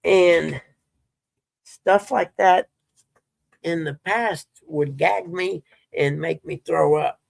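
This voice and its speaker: A man's voice: on the high side, slow, long pauses, no room sound. A middle-aged man, telling rambling stories as a livestream host in casual chat. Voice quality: gravelly, husky. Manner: rambling, laid-back storytelling.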